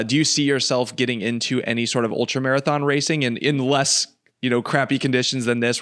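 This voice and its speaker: A man's voice: medium pitch, a bit bright, smooth, no echo, studio quality. A man hosting a podcast, asking long, winding interview questions. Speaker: podcast host.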